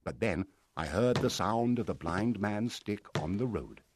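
A man narrating a storybook aloud in an expressive reading style. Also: fairly low pitch, a little slow, background noise. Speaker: audiobook narrator.

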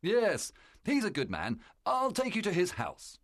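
A man reading a storybook and voicing a brisk, helpful police officer. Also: sits high, huge pitch swings, a bit bright, no room sound, clean studio sound, pitched above the performer's own voice, heavily acted. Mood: kindly.

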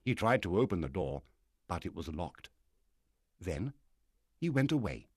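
A man narrating a storybook aloud in an expressive reading style. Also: deep voice, measured pace, slight background noise. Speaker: audiobook narrator.

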